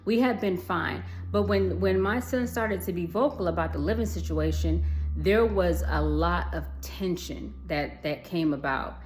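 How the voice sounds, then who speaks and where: A woman's voice: on the low side, unhurried, darkish tone, soft background music. A young adult woman telling a personal story to viewers in a casual storytime vlog, chatty, calling them y'all and swearing freely.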